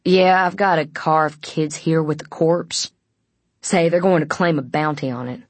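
A sneering, mocking checkpoint guard, read by a woman in a low, husky voice. He speaks with scornful amusement, a storybook bully in a uniform. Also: steady tone, normal speed, dry recording. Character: sneering middle-aged male checkpoint guard.

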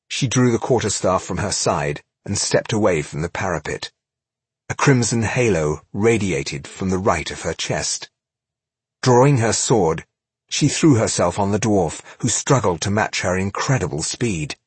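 Husky low guy reading a fantasy story, lively up and down, very dry sound. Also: measured pace, no echo. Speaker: audiobook narrator. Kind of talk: scripted narration.

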